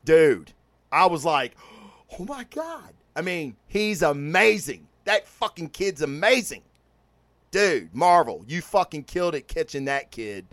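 A man hosting a casual podcast, reviewing a movie and comics in an excited, profane, rambling way with many restarts. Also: on the high side, measured pace, dry recording. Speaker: podcast host.

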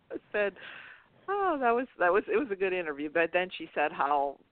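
A woman with a lowish voice hosts an easygoing internet radio chat about soap operas, speaking fairly quickly. She wanders through her points with laughs and restarts, and the tinny phone line is dry, with no room sound.

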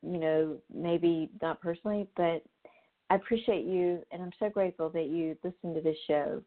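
A woman's voice: on the low side, steady tone, normal speed. A woman hosting a show, talking casually in a rambling way with lots of fillers and restarts. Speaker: show host. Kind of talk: casual spoken monologue. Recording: tinny phone-line sound.

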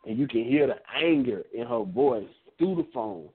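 Easygoing guy telling a story on a call-in wrestling show, mid pitch, sounds like a phone line. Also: lively intonation, normal speed, breathy edge. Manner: laid-back storytelling with Southern US dialect. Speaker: podcast co-host. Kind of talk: casual wrestling chat.

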